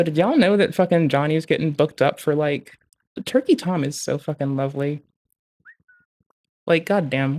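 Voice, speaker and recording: A live streamer in loose casual chat, talking quickly and freely with constant fillers and swearing. The voice sits at an ordinary middle pitch. Thoughts tumble out and break off halfway. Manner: rambling, profane, self-interrupting; quick, animated delivery with many fillers.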